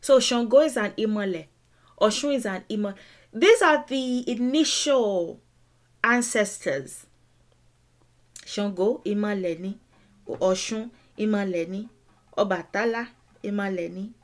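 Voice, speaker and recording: Casting: woman, unhurried teacher, medium pitch. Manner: deliberate, emphatic, repeats words for stress. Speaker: language teacher. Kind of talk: explaining song lyrics in a lesson.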